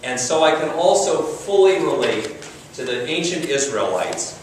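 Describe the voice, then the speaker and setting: A man's voice: on the high side, expressive, unhurried, slight background noise. A man preaching a sermon as pastor, conversational, with repetition and emphasis. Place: church sanctuary. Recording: roomy church sound from a distant mic.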